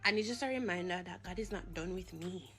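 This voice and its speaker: A woman with a Jamaican accent giving a personal faith testimony, earnest and halting, with pauses and repeats. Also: lowish voice, fairly bright tone, faint music behind.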